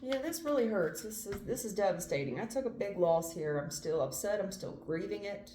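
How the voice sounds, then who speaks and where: A woman's voice: medium pitch, animated, brisk, mellow, roomy sound, a little hiss or hum. A woman doing a casual tarot reading, earnest and emphatic, repeating phrases and swearing now and then. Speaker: tarot reader.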